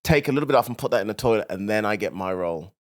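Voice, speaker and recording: A man's voice: fairly low pitch, animated, rapid-fire. A young man with a Birmingham accent, a comedian chatting casually on a podcast in a playful, teasing way.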